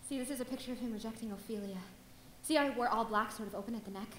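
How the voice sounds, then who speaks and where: A woman playing an excitable young woman who gushes breathlessly about theatre, on an amateur stage. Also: on the high side, rapid-fire, reverberant, slight background noise, lightly acted, low-quality recording. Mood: gushing. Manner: gushing, breathless, giggly.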